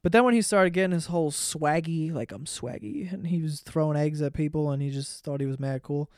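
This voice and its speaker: A man's voice: a little high, steady tone, brisk, clear, resonant tone, dry recording, studio quality. A man hosting a solo podcast in a casual comedic rant, profane, sarcastic and rambling. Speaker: podcast host.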